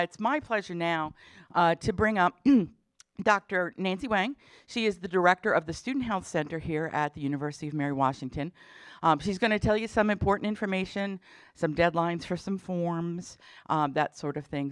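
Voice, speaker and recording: Middle-aged woman, dean addressing parents, chatty and joking, smooth clear voice, dry sound. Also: on the low side, dry recording. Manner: chatty, warm-humored, many fillers. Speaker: dean speaking at orientation. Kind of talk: presentation to parents.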